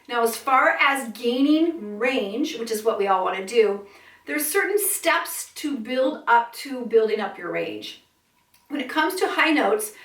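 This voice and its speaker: A woman's voice: a little high, a bit bright, echoey room, recorded from a distance. A woman vocal coach teaching a singing lesson, breaking into siren sounds and sung notes to demonstrate.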